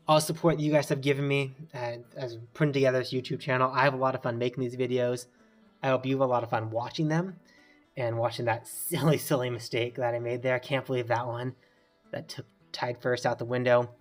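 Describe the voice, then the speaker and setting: A man giving casual, chatty commentary over his own gameplay as a video creator, reacting loudly when a throw goes wrong. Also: mid-range voice. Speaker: gaming YouTuber.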